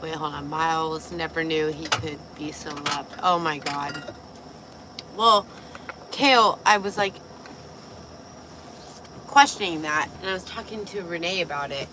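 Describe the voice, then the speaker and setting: A woman hosting a casual livestream, a little tipsy and hoarse, gushing and swearing as she reads viewer comments. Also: sits low, measured pace, long pauses, noisy background. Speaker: livestream host.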